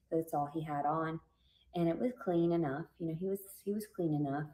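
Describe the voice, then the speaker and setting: A woman with a low, mellow voice tells a personal story in a casual vlog. Her delivery stays fairly flat and level as she drifts between tangents. She talks earnestly and rambles, with many fillers and false starts. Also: rough recording. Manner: earnest and religious. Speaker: vlogger.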